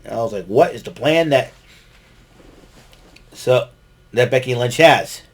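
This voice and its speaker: A man's voice: mid-range voice, lively intonation, unhurried, husky. A man casually recapping a wrestling show, rambling with many fillers and restarts and chuckling often. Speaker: podcast host recapping wrestling.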